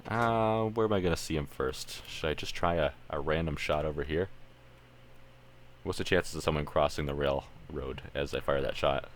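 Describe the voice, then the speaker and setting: A Canadian man with an extremely low, deep voice gives live commentary on a game. He talks in a casual, matter-of-fact way, thinking aloud as he plays. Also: moderate pace, slight background noise. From Ontario, Canada. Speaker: streamer.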